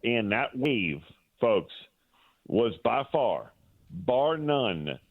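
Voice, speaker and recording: A man's voice: mid-range voice, big pitch swings, very slow, no echo. A middle-aged man, a guest sports broadcaster, telling an emotional story in a rambling way, full of fillers and restarts, on a call into a show. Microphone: phone. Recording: dry, tinny phone line.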